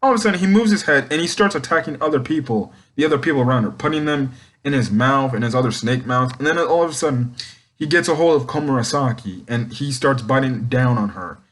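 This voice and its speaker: A young man rambles through a casual recap and review of an anime episode. He keeps starting over mid-sentence and fills gaps with ums. His voice sits at an ordinary middle pitch. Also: a little fast, a bit bright. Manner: rambling, many ums and restarts.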